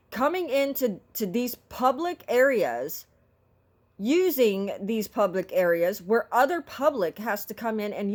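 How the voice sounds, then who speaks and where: A middle-aged woman telling a story in a casual vlog, talking in an exasperated, vocal, ranting way. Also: a little high. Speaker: vlogger.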